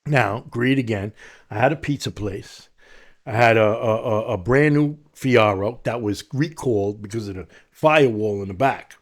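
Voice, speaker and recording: A man's voice: fairly low pitch, normal speed. A middle-aged man from Long Island with a New York accent, telling his story as a podcast guest and acting out the voices of the people in it. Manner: animated, acts out quoted voices in his story. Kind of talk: storytelling in an interview.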